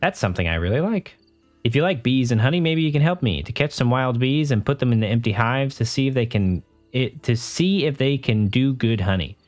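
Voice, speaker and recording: A man voicing a friendly male bee shepherd in a fantasy game, reading his lines in a bright, lilting voice. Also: mid-range voice, expressive, a little fast, soft background music, natural voice. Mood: eager.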